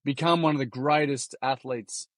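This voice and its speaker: An Australian man, a podcast guest, chatting casually as an animated storyteller with plenty of slang, swearing and restarts. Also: medium pitch, normal speed, dry recording. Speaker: podcast guest, youth workshop founder. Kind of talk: casual interview chat.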